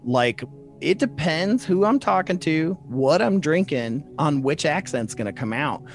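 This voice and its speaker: A man with a Midwest accent that slips into Kentucky. He chats on a podcast in a very lively way, with a pitch that rises and falls widely. His voice sits a little high for a man. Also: unhurried, faint music behind. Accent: mixed Midwest and Kentucky. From Toledo, Ohio; moved to Kentucky at fourteen. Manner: animated storyteller, lively pitch swings. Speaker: podcast co-host. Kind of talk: casual podcast chat.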